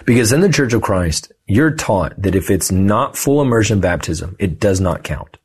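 A man in his thirties, a guest on a podcast, telling a personal story in a lively, conversational way and acting out the voices of the people in it. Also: fairly low pitch, normal speed, breathy edge. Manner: animated, lively storyteller who acts out quoted dialogue.

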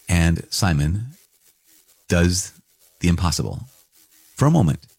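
A man teaches scripture in an animated way, laughing often and slipping into playful sarcasm. His voice sits low and a little husky. The sound is close and dry. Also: normal speed, pauses often, no room sound. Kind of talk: Bible teaching talk.

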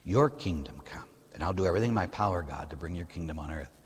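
A man, a Catholic priest, giving a conversational sermon in a church, preaching lively and asking his listeners rhetorical questions. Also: low voice, fast, husky, long reverb tail.

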